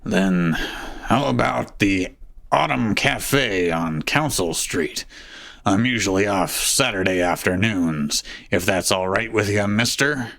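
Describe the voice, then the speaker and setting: A bashful bloodhound cop from a comedic fanfic reading, played by a man. His voice is low and gravelly, and he speaks slowly and earnestly. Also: a bit bright, heavily acted. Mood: shy flirting. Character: bashful male bloodhound police officer.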